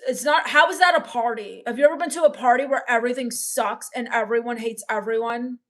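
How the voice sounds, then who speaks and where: A young woman streaming in character, deadpan and sulky, sarcastically complaining while reading chat comments aloud. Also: on the high side. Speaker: comedic livestreamer reading chat. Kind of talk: in-character comedy livestream.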